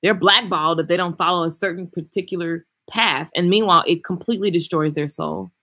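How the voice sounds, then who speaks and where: A woman hairstylist chatting casually and frankly on a livestream, reading and answering viewer comments with animated swings in loudness. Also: fairly low pitch, fairly quick. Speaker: hairstylist and vlogger. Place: traveling, indoors.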